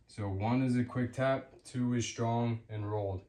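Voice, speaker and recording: Slow-talking man teaching, echoey room. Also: medium pitch, fairly even intonation, warm tone. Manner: hesitant, many ums, repeats example words slowly. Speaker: language teacher. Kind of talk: casual spoken lesson.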